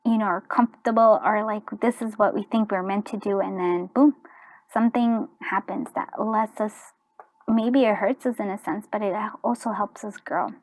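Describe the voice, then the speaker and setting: A woman reading tarot cards in a casual chat, with a hoarse, fading voice that keeps clearing its throat, rambling with restarts and dropping into soft half-whispered asides. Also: medium pitch, steady tone, moderate pace, no echo. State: hoarse, voice going. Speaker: tarot reader. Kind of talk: casual pick-a-card reading.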